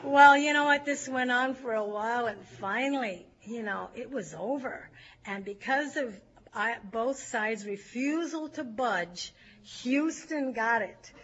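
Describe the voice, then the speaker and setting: A woman with a high, bright voice tells a story to a group, animated and quick to laugh. Her voice comes through a dull, lo-fi recording. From California. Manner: lively, laughs often, acts out shouting crowds. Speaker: speaker sharing a recovery story.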